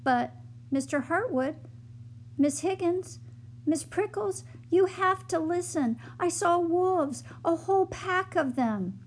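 An earnest young mouse maid from a storybook, her voice pitched high and bright as she pleads, as a woman reading aloud puts her on. She talks slowly and with urgency. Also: lively intonation, slight background noise. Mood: urgent pleading.

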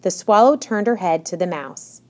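A woman narrating a children's storybook in a gentle storytelling manner. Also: on the low side, lively intonation, normal speed. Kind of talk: scripted narration.

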